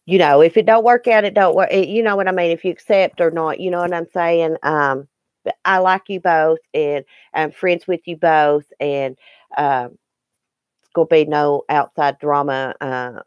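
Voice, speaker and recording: A Southern woman with a low-sitting voice hosts a casual YouTube livestream, reading the chat and greeting viewers by name in a folksy way. The audio has no echo, and its highs are cut off.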